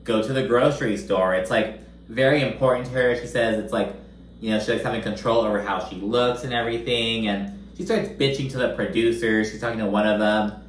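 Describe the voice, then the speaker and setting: A man's voice: on the low side, steady tone, fairly quick, slight background noise. Man, casual reality-show recap, gossipy, swears a lot, lots of fillers, roomy echo. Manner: chatty, profane, gossipy with frequent fillers.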